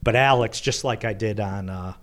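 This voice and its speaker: A man who works in sports public relations, telling stories on a podcast in an animated way and laughing as he talks. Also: on the low side, normal speed. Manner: animated anecdote teller, laughs while talking. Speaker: sports PR executive. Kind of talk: podcast storytelling.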